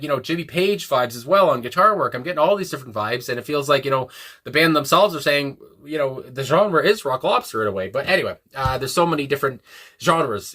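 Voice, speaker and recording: Bright-voiced rambling male music reviewer. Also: medium pitch. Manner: rambling, enthusiastic, many fillers and restarts. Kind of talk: casual reaction review.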